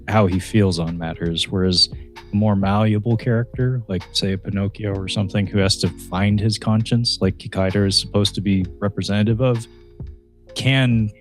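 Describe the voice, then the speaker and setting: A man's voice: lowish voice, steady tone, moderate pace, soft background music. A man co-hosting a casual film review podcast, recapping the plot in a rambling way with frequent laughs and restarts. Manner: laughs often, rambling with many restarts and fillers.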